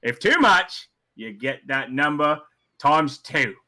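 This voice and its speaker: Brash tavern game hustler, loud bright patter, done by the male game master. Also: on the high side, lively intonation, slow pace, heavily acted. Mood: showy. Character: brash male dice-game barker, smug.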